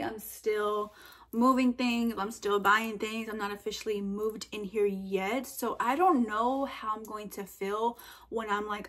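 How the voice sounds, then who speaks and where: A young woman answering viewer questions in a casual vlog, chatty and animated, full of fillers and quoted asides. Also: medium pitch. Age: young adult. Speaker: vlogger.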